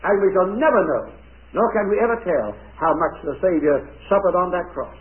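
A man with a fairly high voice preaching an object-lesson sermon to children, emphatic and dramatic as he puts questions to the young listeners. The recording is thin and narrow, like an old recording heard over a telephone. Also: normal speed. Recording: tinny, phone-like old recording.

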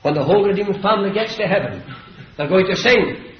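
Preacher, male, fervent storytelling sermon with shouted peaks. Voice is high and swings widely, and the old hall recording is echoey. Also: expressive, a little fast, highs cut off. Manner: fervent, rises to shouts on key phrases.

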